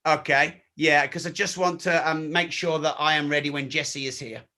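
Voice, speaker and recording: A man speaking energetically at a live seminar, coaching entrepreneurs on social media in a casual, excitable way. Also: on the high side, normal speed. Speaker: event speaker.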